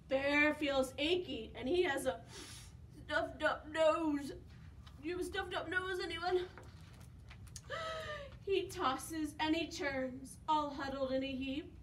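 Slow, animated storytime librarian woman. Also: high-pitched. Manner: animated, asks kids questions, gasps for effect. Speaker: children's librarian. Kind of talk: preschool storytime read-aloud. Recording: distant mic with faint background noise.

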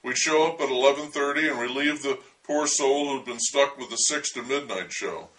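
A man's voice: medium pitch, moderate pace, fairly bright tone, distant mic, slight background noise, low-quality recording. A man telling a memoir story with wry, dry humor.

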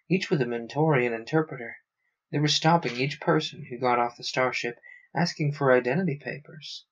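A man narrating a science fiction novel aloud on a stream, steady with small stumbles. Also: mid-range voice. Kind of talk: audiobook-style reading. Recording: dull lo-fi sound.

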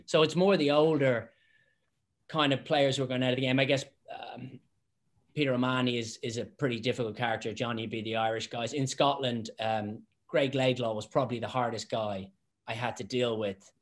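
A man in his forties, a former rugby referee, chatting on a panel and acting out stories with lively quoted voices. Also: medium pitch, a little fast. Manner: animated storyteller, acts out quotes, laughs often. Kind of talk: casual panel chat.

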